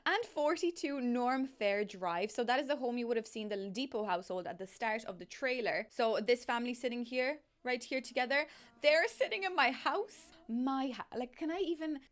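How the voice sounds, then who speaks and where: Young woman, bubbly gushing chat, emotional, a little high-pitched. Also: normal speed. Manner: bubbly, gushing, laughing, rambling. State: emotional, close to tears. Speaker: YouTuber, game builder. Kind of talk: excited casual vlog chat.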